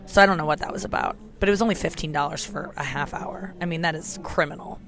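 A woman in her thirties with a sore throat talks in a lowish voice, chatty and self-mocking as she hosts a podcast alone. She swears freely and keeps it loose. Faint music plays behind her at an airport gate. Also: fast, fairly bright tone. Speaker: podcast host. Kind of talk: casual solo podcast. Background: music playing faintly.

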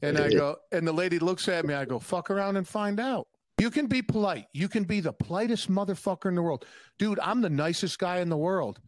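A young adult man telling profane, animated stories in a casual podcast chat. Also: sits high, fairly quick. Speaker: podcast guest.

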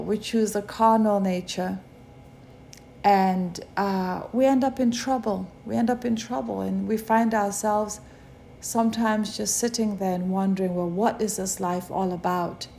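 A woman giving a devotional sermon, preaching slowly with many repeated rhetorical questions. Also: medium pitch, vocal fry, dark tone, slight background noise. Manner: slow, repetitive rhetorical preaching.

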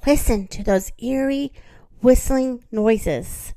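A woman's voice: takes it slowly, no echo. Woman playing a scared little boy. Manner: high excited cries and sneezes. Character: frightened little boy knight.

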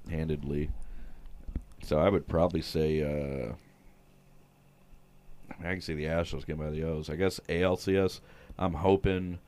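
A man's voice: deep voice, smooth. A man co-hosting a casual sports chat with friends, laid-back and swearing freely. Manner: laid-back, swears, breaks into loud mock accents. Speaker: podcast co-host.

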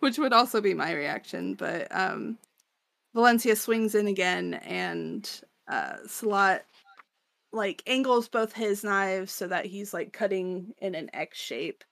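A woman's voice: mid-range voice, big pitch swings, slow, vocal fry, fairly bright tone, dry recording. A woman co-hosting a podcast, recapping a story in casual chat, laughing often and rambling with many fillers. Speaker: podcast co-host.

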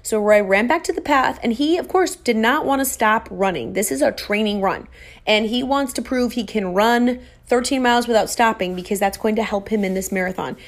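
A woman's voice: a little high, fairly quick. A young adult woman telling a story casually to viewers in a self-mocking way, acting out her own quoted lines. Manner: animated, self-mocking, acts out quoted dialogue.

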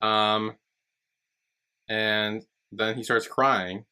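A man's voice: fairly low pitch, little pitch movement, extremely slow, pushed and bright, clean tone. A man hosting a podcast, recapping plot in casual chat with many fillers and acted-out quotes. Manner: hesitant plot recap, lots of fillers, acts out lines. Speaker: podcast host.

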